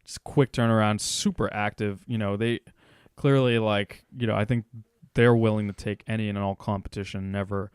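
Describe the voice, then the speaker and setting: Smooth low-voiced laid-back man. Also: steady tone, normal speed, dry recording, clean studio sound. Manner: laid-back, agreeable, with short affirmations. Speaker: podcast co-host. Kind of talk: casual sports chat.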